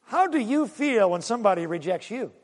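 A man's voice: sits high, fairly quick. Pastor guy preaching in a big echoey sanctuary, voice jumps all over, acts out little asides. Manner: animated preaching with rhetorical questions and acted-out asides. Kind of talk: sermon.

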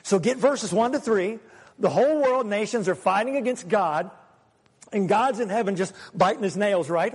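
A man preaching a sermon as a pastor, animated, sometimes acting out the voices he quotes. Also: sits high, normal speed, husky. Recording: long hall reverb.

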